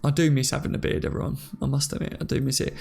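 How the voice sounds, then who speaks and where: A man's voice: mid-range voice, little pitch movement, racing, gravelly, a little mellow, husky. A young man hosting a casual live stream, reading viewer comments aloud and laughing often.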